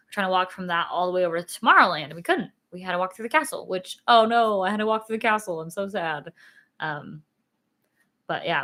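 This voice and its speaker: A woman's voice: on the low side, pushed and bright. A young woman vlogging in a rambling, chatty way, full of "like" and "um", sleepy and yawning. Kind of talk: casual sit-down vlog chat.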